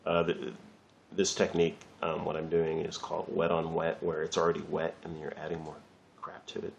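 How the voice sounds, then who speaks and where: A man's voice: very deep voice, completely flat delivery, a little fast, gravelly, highs cut off, slight background noise. A man giving a casual, rambling drawing lesson while he works, chatting loosely and swearing lightly. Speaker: art teacher.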